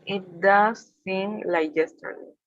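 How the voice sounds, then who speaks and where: Woman student reading slowly, muffled. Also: mid-range voice, steady tone. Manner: slow, careful reading. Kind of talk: reading practice lines.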